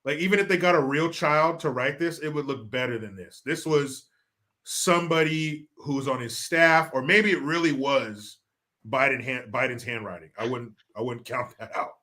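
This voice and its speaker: A man's voice: medium pitch, moderate pace, pushed and bright. A man hosting a casual political talk show, exasperated and mocking, swearing freely as he reacts. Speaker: show host. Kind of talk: profane casual political commentary.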